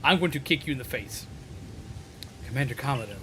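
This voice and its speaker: A man streaming a video game, talking casually and breaking into animated, profane shouted rants. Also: medium pitch, fairly quick, slightly rough. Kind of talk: casual live-stream commentary.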